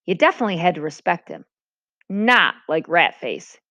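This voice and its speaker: A woman, a teacher, reading a novel aloud to a class with a brisk, expressive delivery. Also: on the low side. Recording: dull lo-fi recording.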